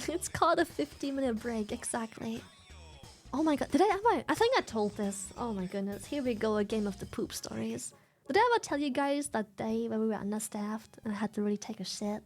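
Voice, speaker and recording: High-voiced woman telling animated stories. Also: brisk, faint music behind. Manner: animated, profane storytelling with frequent laughs. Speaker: streamer. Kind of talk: casual livestream chat.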